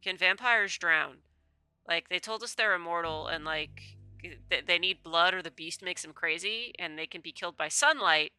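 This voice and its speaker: Bright, crisp-voiced woman streamer. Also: lowish voice, normal speed. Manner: chatty, rambling asides. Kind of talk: casual game commentary, reading the game's text aloud.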